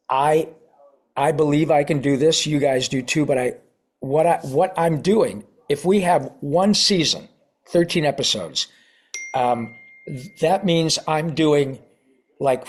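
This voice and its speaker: Middle-aged man, voice-actor guest, animated raconteur with a lightly raised pitch. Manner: animated, acts out quoted voices. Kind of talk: casual interview storytelling.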